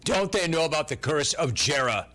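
A man's voice: fairly high pitch, expressive, normal speed, sharp tone. A man hosting a sports call-in radio show, riffing on callers and repeating catchphrases. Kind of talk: animated call-in radio banter.

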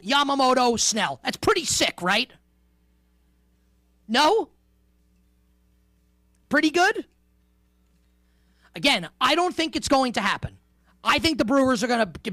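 A man's voice: high-pitched, sharp tone, no room sound. A man hosting a sports betting radio show, talking emphatically with playful asides. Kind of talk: animated sports talk radio. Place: radio studio.

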